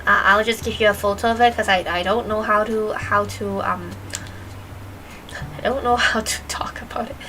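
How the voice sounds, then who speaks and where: A woman's voice: medium pitch, steady tone, moderate pace, noisy background. A woman streamer with a mixed British and American accent, chatting casually and giggling as she searches for words. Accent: mixed, part British, part American. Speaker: virtual streamer. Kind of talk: casual stream chat reading chat questions.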